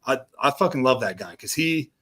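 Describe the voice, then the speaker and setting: A man's voice: medium pitch, expressive, sharp tone. A man in his thirties, a guest on a sports talk show, talking emphatically and cursing freely. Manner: emphatic, profane, rapid-fire. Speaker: guest, former NFL defensive lineman. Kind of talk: casual sports chat.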